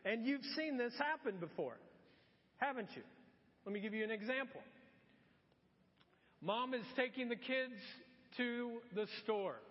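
A middle-aged man preaching a sermon as pastor, telling stories and acting out voices. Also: very high-pitched. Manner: animated storytelling with acted-out voices. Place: church. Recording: dull sound in a long-reverb church hall.

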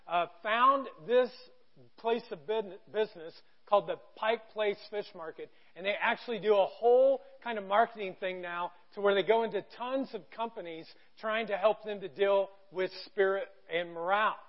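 Man preaching, very high voice, storytelling, muffled lo-fi sound. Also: normal speed. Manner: storytelling, animated quoted voices. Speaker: pastor. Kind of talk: sermon. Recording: dull lo-fi sound.

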